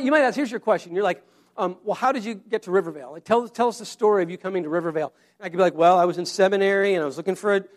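A man with a rather high voice preaches a sermon. He speaks like he is chatting with the congregation, starting phrases over and doubling words as he searches for them. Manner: conversational, repeats words and restarts often. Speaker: pastor.

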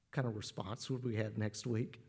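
A man's voice: lowish voice, fairly even intonation, brisk, creaky, darkish tone, breathy edge. Earnest man preaching a sermon. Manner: earnest, repeats words when starting phrases. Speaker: pastor.

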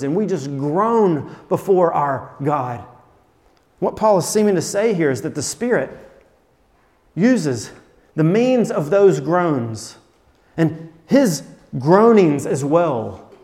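A man preaching a sermon as pastor, earnest, dropping to soft tones and then rising to emphatic points. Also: fairly high pitch, sing-song, takes it slowly, long reverb tail.

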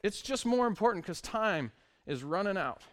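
A man's voice: high-pitched, sing-song, normal speed, a bit bright. A male pastor preaching a sermon, reading scripture aloud with wry, conversational asides to the congregation.

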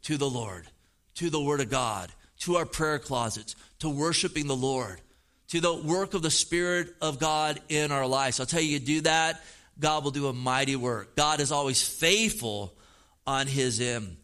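A man's voice: a little high, a little slow, fairly bright tone. A middle-aged man preaching a sermon as pastor, earnest and emphatic, repeating phrases as he drives points home.

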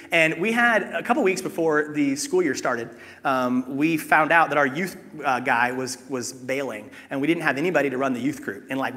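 A man preaching a sermon as pastor, animated and conversational with self-mocking humor, in a church sanctuary. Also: a little high. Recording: long hall reverb.

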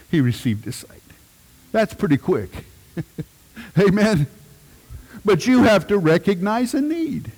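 A middle-aged man, a pastor, preaching a sermon with emphatic swells and hushed moments. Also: high-pitched, long reverb tail.

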